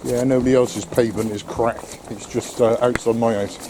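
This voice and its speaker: Against a noisy background, a man with a steady mid-range voice vlogs casually at a moderate pace, first on a rainy street and then in his car. He sounds breathless and exasperated, grumbling and swearing mildly.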